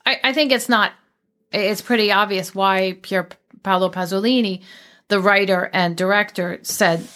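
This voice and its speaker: A woman's voice: mid-range voice, steady tone, normal speed, a bit bright. A woman speaking as a guest in a casual conversation about a poet, chatty and digressive, often restarting her sentences.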